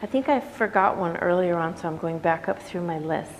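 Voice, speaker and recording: A woman's voice: on the low side, a little fast. A woman yoga teacher giving a casual, reflective talk to her class, conversational and full of "you know"s. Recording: echoey room with faint background noise.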